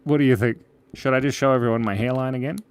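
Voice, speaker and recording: A man hosts a live drawing stream, playfully chatting with viewers and reading their comments aloud, often dropping to a mumble as he draws. His mid-range voice is fast, clear, and resonant with fairly even intonation, and there's no echo.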